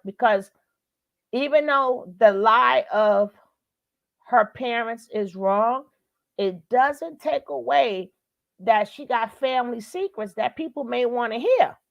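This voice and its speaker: A woman's voice: fairly high pitch, vocal fry, muffled recording. A woman giving casual reaction commentary, drawling and exclaiming to her viewers.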